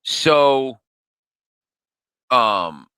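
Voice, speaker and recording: Bright-voiced hesitant man. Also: mid-range voice, expressive, extremely slow, clean tone, dry recording. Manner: hesitant, lots of fillers and restarts. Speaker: podcast co-host. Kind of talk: casual podcast chat.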